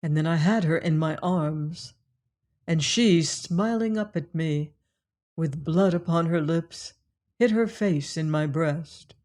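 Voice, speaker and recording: Slow, measured woman audiobook narrator. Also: deep voice, a little mellow. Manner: measured, unhurried storytelling. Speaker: audiobook reader. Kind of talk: first-person novel narration.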